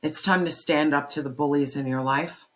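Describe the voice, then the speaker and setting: An intense tarot reader talks straight to the listener in a fiery pep-talk, hammering points home with repeated phrases and plenty of swearing. The pitch sits in a middle range, neither high nor low. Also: steady tone, moderate pace. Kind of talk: spoken tarot reading to camera.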